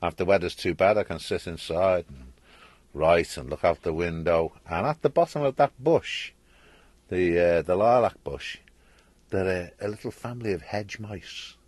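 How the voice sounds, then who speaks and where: Older Liverpool man, Scouse accent, husky, animated storyteller, dry close sound. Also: deep voice, moderate pace, dry recording. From England. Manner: lively storyteller, acts out voices and laughs often. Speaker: interviewed author. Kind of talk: casual interview chat.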